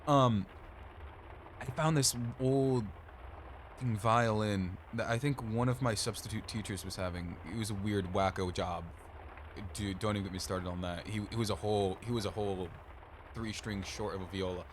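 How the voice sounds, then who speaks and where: A man's voice: lowish voice, steady tone, normal speed, noisy background. A man casually commenting on a game he streams, rambling and swearing.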